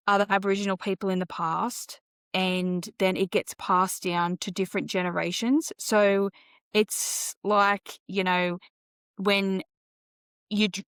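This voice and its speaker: A woman in casual podcast chat explains her view in a calm, patient way. Her voice has a middle pitch and sounds smooth and clear. It is recorded dry and close. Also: no echo.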